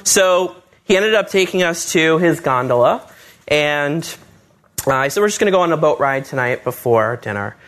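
Animated man telling a personal story. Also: a little high, normal speed. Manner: animated storyteller, acts out quoted voices. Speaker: husband telling his story.

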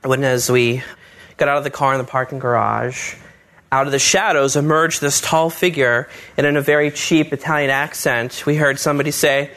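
A man with a mid-range voice, speaking at normal speed, tells a personal story about his proposal and his family. He's an animated storyteller who acts out the voices of the people he quotes.

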